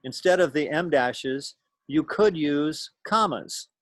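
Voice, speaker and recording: A man's voice: a little high, expressive, slow, fairly bright tone, no room sound. A man teaching a class over a video call, explaining things patiently and thinking aloud as he goes. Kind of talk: lecture to a class.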